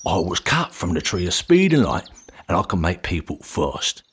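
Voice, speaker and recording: A man's voice: sits low, very animated, moderate pace, fairly bright tone, a little hiss or hum. A man doing a cheeky Cockney magic stick. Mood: cocky. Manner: brash, teasing, blunt. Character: cheeky magic talking stick, male, cocky. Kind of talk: storybook voice acting.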